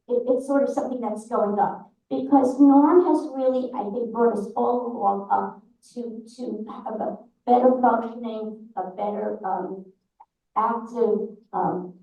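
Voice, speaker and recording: A woman's voice: mid-range voice, dark tone, far from the mic. New York woman in an echoey hall. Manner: chatty, halting, with many restarts. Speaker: presenter thanking volunteers at a congregation's annual meeting. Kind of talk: informal meeting remarks. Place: synagogue meeting hall. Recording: very echoey hall, voice away from the mic.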